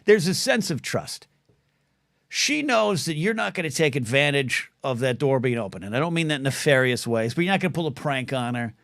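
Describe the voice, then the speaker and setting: A man's voice: medium pitch, expressive, brisk, a bit bright, no room sound, clean studio sound. Rambling jokey male podcast host. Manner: rambling, self-interrupting, jokey. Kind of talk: solo livestream Q&A.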